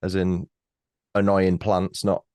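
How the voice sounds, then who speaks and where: A man's voice: low voice, completely flat delivery, slow pace, a little mellow, smooth, dry recording, studio quality. A man in his thirties with a British accent, talking bluntly and teasing as a guest in a casual chat, swearing freely. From Britain. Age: 30s. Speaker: podcast guest.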